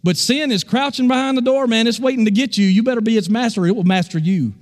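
A man's voice: very high voice, fast, big-room sound. A male pastor preaching a sermon in a church, emphatic and asking the congregation questions. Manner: emphatic, call-and-response questions.

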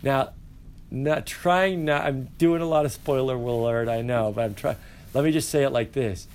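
A male teacher giving an animated, playful class lecture and asking his students questions. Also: medium pitch, moderate pace. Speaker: high school teacher.

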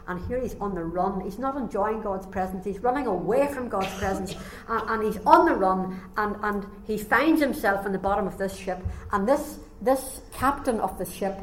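Woman preacher, lively storyteller, echoey room, faint background hum. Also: mid-range voice. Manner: animated storytelling, acting out voices. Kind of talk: sermon.

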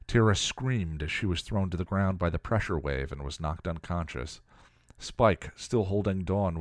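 Deep-voiced man narrating a story. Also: darkish tone, no room sound, clean studio sound. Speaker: story reader. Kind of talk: narrating fan fiction.

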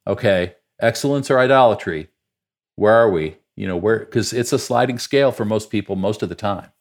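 A man's voice: lowish voice, brisk. A man hosting a podcast conversation, talking in a reflective, encouraging way.

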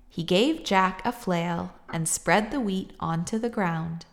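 A woman reading a picture book aloud in a slow, gentle, measured way. Her voice sits fairly low and carries a gravelly fry. She also chats casually as a host. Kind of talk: storybook read-aloud and casual chat.

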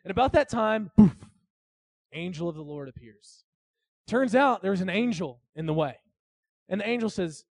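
A man's voice: high-pitched, expressive, normal speed, creaky, long pauses, darkish tone, dry recording, studio quality. A man preaching a sermon in a casual, joking storytelling manner, speaking asides to his congregation. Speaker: pastor.

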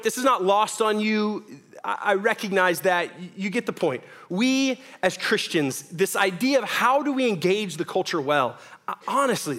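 A man's voice: sits high, fairly bright tone. A young man preaching a sermon in a church, casual and joking, often asking "right?". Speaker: pastor. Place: church hall with audience.

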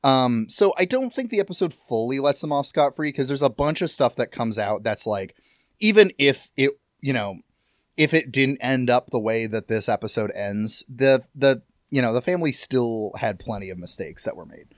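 A man co-hosts a casual podcast in a mid-range voice. He talks in animated, rambling bursts, restarting sentences as he goes. The sound is dry and close to the mic, with no room echo. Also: mid-range voice, moderate pace. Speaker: podcast co-host.

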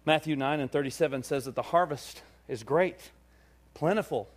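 A male pastor preaching to his congregation, telling a story with lively, acted-out dialogue. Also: fairly high pitch, normal speed. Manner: animated storytelling, acting out dialogue. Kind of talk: sermon. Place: church service.

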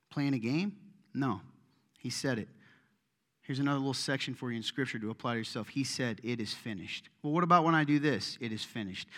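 Conversational male pastor preaching in a hall. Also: mid-range voice. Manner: conversational, joking, animated preaching. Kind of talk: sermon. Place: church sanctuary. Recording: echoey hall, soft guitar behind.

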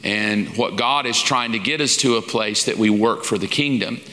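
A pastor working through a lesson series delivers a conversational sermon in a folksy, informal style, playing out small quoted asides as he goes. His voice is lowish and sharp in tone, at a moderate pace. A large hall's long reverb colors the recording.

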